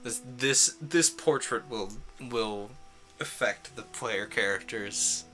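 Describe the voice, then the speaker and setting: A man's voice: on the low side, slow, music in the background. A man streaming a game, rambling casually and chuckling at his own jokes. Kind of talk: casual gameplay commentary.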